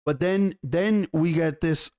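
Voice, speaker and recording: Man, high-pitched, ranting review, exasperated, swearing, stumbling restarts. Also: takes it slowly, a little mellow, a little hiss or hum. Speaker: YouTube TV show reviewer.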